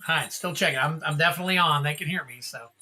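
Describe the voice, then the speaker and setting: A man's voice: a little high, very fast, a crowd in the background. A man hosting a card-opening livestream, chatting in a rambling, jokey way and calling out cards as he opens them. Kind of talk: casual livestream chat.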